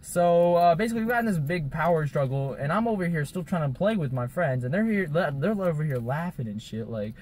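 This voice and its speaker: A man's voice: fairly high pitch, animated, fairly quick, a little mellow. A young man hosting a vlog, telling a rambling casual story with many fillers and swearing. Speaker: vlog host.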